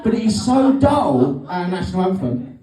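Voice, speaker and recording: Sweary comic, lively pitch. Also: male voice, moderate pace. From Britain. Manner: sweary, rambling, sardonic. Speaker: stand-up comedian. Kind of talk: stand-up comedy set. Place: comedy club stage with audience. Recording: roomy stage sound from a distance.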